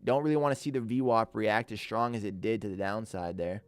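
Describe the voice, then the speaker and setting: A man's voice: lowish voice, fairly quick, smooth, dry recording, studio quality. Cursing young man streaming his trades. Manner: excitable, swears often, talks to chat. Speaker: livestreaming day trader. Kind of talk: live trading stream commentary. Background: faint music.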